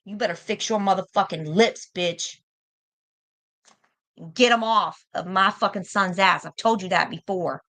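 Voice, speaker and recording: A woman's voice: medium pitch, a little slow, a bit bright. A young American woman arguing heatedly on a livestream, confrontational and profane, hammering her points by repeating them. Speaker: livestream guest.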